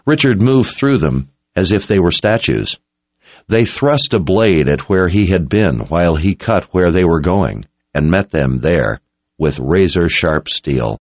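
A man's voice: low-pitched, animated, unhurried, no room sound, muffled recording. A man reading a dramatic story aloud as narrator, in an intense, scripted audiobook style.

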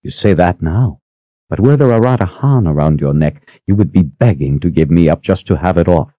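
A man voicing a stern, ruthless older woman who threatens in a cold, low voice. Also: lively intonation, normal speed, dry recording. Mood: menacing. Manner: cold, menacing, low hiss. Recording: slightly muffled dry recording.

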